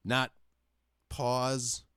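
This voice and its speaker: A man's voice: medium pitch, completely flat delivery, extremely slow, a bit bright, smooth, no echo, clean studio sound. A young man from Wisconsin, ranting and swearing heavily in casual podcast chat. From Wisconsin, United States. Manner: profane, ranting, heavy swearing. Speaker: podcast host.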